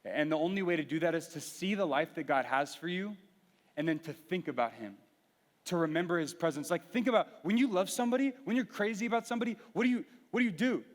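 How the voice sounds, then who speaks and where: Earnest young preacher in a reverberant hall. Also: male voice, sits high, fast. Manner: earnest, candid storytelling with many restarts. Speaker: youth pastor. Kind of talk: sermon.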